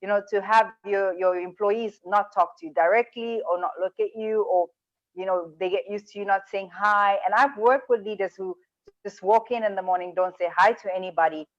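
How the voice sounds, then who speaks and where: A woman's voice: mid-range voice, steady tone, normal speed, lo-fi sound. A woman hosting the talk, asking thoughtful questions and searching for words as she goes. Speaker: host. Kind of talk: interview questions.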